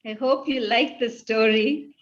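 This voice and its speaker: A woman telling a simple moral folk tale to an online book club, in a measured storytelling manner. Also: fairly high pitch, steady tone, highs cut off. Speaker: guest storyteller.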